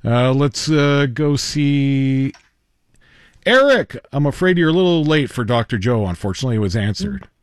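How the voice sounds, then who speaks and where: A man's voice: medium pitch, very animated, moderate pace, dry recording, studio quality. A man hosting a call-in trivia radio show, chatting and bantering with callers.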